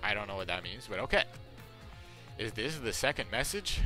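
A man commentating on a video game playthrough in a playful, jokey way with bursts of loud excitement. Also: on the low side, moderate pace, faint music behind. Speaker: gaming streamer. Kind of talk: let's play commentary.

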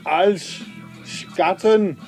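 A man hosting a casual podcast chat over a call, giving slow, laid-back replies with short laughs. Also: sits high, darkish tone. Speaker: podcast host. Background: music playing in the background.

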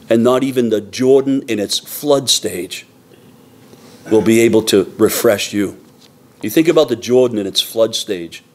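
A pastor preaching a sermon in a church, earnest and emphatic, repeating phrases for weight. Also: male voice, mid-range voice, darkish tone. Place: church sanctuary.

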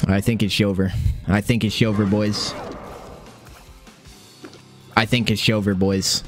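A young man streaming a video game, swearing, repeating himself and swinging from high yelps to low mutters. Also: flat delivery, a little slow. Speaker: gaming streamer. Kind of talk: live gameplay commentary. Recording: game music behind.

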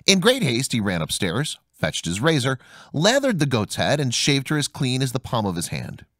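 A man narrating a fairy tale audiobook in an expressive storytelling manner. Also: medium pitch, moderate pace, no room sound, clean studio sound. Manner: expressive storytelling, voicing each character.

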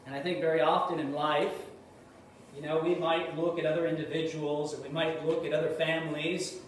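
A man with a fairly high voice preaches in earnest, pushing hard on key words and then dropping almost to a murmur. He is picked up from some distance in a very echoey room. A faint hiss sits under the sound. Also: flat delivery, a little fast. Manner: earnest preaching, swings between loud emphasis and hushed asides. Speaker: pastor. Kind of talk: sermon.

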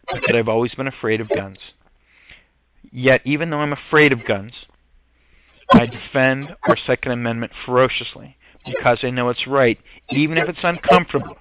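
A man's voice: medium pitch, no room sound. A man hosting a podcast, talking earnestly and with emotion, sometimes reading aloud and often correcting himself mid-word. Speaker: podcast host. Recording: slightly muffled podcast audio, faint hiss.

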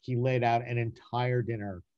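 A man, a casting director and writer, talking in a casual interview, animated and emphatic, often repeating words to stress a point. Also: medium pitch, normal speed, dry recording, muffled recording.

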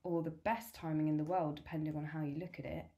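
An earnest, slightly cheeky young boy from a read-aloud storybook, as a woman reads his lines. The voice sits low and plain, hardly changed from the reader's own, and earnest throughout. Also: steady tone, fast talker, mellow.

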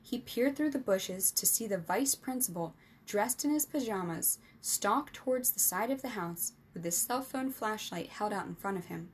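A woman reading an adventure storybook aloud as the storyteller, with lively, expressive narration. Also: medium pitch, moderate pace, hardly any pauses, slight background noise.

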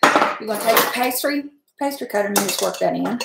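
A middle-aged woman, hosting a casual cooking stream from her home kitchen, folksy and chatty, laughing often and talking fast from nerves. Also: medium pitch, lively intonation, gravelly, noisy background. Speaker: home cook and channel host. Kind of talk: casual cooking livestream chat. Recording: echoey kitchen room.

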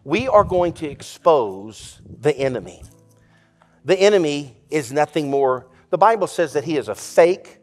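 A man preaching a sermon as pastor, telling a folksy joke story and speaking in a lively, conversational way. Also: fairly high pitch, measured pace, soft background music. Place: church sanctuary.

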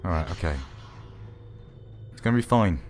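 A man giving wry, sarcastic let's-play commentary while playing a horror game, swearing often and yelling when startled. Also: low-pitched, animated, normal speed, slight background noise. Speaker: gaming video host.

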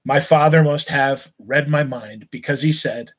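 A man, a teacher, reading a novel aloud in a steady, unhurried way with small slips. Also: mid-range voice.

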